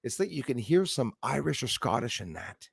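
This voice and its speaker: A man whose first language is French, hosting a casual chat and telling animated stories with mimicked accents. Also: mid-range voice, normal speed, vocal fry, husky, no echo. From Canada. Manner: animated storyteller, mimics accents, laughs often. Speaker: channel host.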